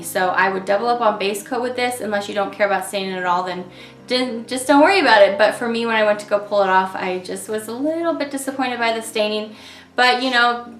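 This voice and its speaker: A woman's voice: medium pitch, fairly bright tone, reverberant. A woman talking casually and enthusiastically as she reviews nail polish shades, with chatty fillers.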